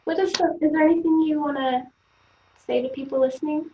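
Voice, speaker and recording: A woman's voice: sits high, fairly even intonation, brisk, lo-fi sound, a little hiss or hum. A woman hosting an interview in a friendly way, asking questions and laughing along. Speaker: podcast host. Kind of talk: casual interview chat.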